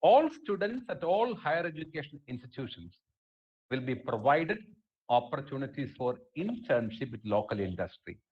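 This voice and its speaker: Indian English man, middle-aged, webinar lecturer; lively pitch, husky edge, dull lo-fi call audio. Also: normal speed. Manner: emphatic, repeats key phrases. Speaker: webinar speaker. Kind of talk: lecture on education policy.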